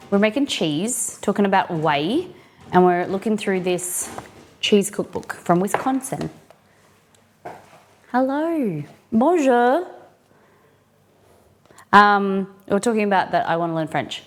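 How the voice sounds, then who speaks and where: Chatty woman, live cooking stream host, middle pitch, casual chat. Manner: chatty, greets chat viewers by name.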